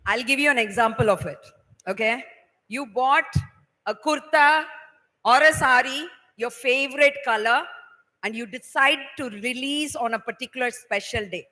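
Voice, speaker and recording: Bright, high-pitched woman hyping up students, acts out little scenes, big echoey hall. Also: normal speed. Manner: playful, acts out everyday examples. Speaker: workshop speaker. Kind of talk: motivational talk to students. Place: large hall.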